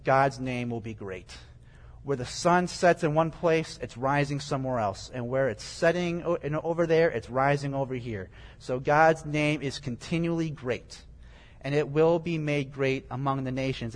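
A man's voice: medium pitch, measured pace. A man giving a conversational Bible teaching, explaining scripture verse by verse in plain everyday words. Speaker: preacher. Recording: long reverb, echoey hall.

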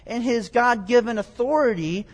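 A man's voice: extremely high pitch, moderate pace. A man giving a conversational Bible teaching, explaining scripture verse by verse in plain everyday words. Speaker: preacher. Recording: long reverb, echoey hall.

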